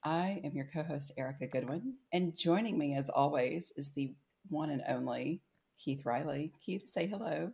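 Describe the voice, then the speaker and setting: A woman co-hosting a casual podcast, giggly and lively, often breaking into laughter. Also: low-pitched, normal speed, creaky. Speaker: podcast co-host.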